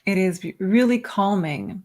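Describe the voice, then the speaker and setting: Soft-spoken woman, slow and thoughtful. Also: mid-range voice, lively intonation. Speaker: tarot reader. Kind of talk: livestream chat.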